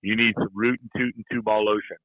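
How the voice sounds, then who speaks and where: A man's voice: lowish voice, steady tone, quick pace, no echo, narrow, tinny audio. A middle-aged man telling stories in a rambling, folksy way, full of "you know" and playful ribbing. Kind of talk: casual storytelling chat.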